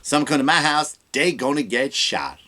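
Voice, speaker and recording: A man's voice: mid-range voice, lively intonation, moderate pace, pushed and bright. A man doing a mocking impression of a sassy, folksy woman politician, with an exaggerated drawl and whooping exclamations.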